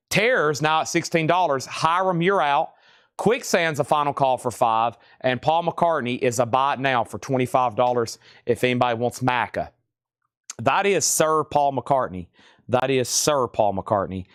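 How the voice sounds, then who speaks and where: A man's voice: mid-range voice, no echo. Man running a live record sale. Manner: rapid-fire auctioneer patter, hums tunes. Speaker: host. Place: record shop.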